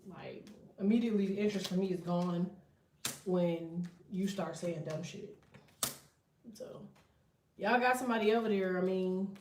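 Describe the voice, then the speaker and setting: A woman's voice: medium pitch, a little mellow, a little hiss or hum. A woman giving a casual tarot reading, blunt and profane, breaking into laughing asides. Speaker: tarot reader. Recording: echoey room, distant from mic.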